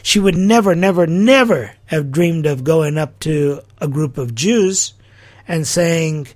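A man's voice: a little high, lively intonation, slow, a little mellow. A middle-aged man hosting a podcast, talking through an opinion monologue in an incredulous, rhetorical way. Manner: incredulous, rhetorical, acts out quotes. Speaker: podcast host.

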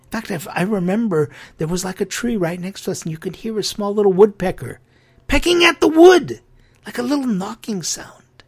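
A man's voice: sits high, lively intonation, normal speed, husky. A man hosting a religious talk show, telling a story in an earnest, reflective way that sometimes drops almost to a whisper. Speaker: host.

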